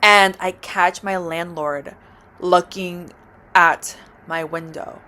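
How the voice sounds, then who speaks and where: A woman's voice: lowish voice, fairly even intonation, takes it slowly, sharp tone. Young woman, casual storytime, rambling, filler words, swearing, dramatic. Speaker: vlogger.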